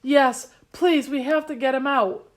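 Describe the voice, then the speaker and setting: Lady doing a scared hurt girl, high breathless begging voice, audiobook. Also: lively intonation, normal speed. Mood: desperate. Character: frightened injured girl.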